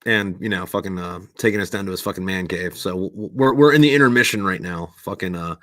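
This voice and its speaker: A man's voice: sits low, fast, no room sound. A man hosting a podcast livestream alone, rambling in a casual way and swearing constantly while he waits for his guest. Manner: gets loud and ranting when worked up. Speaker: podcast host.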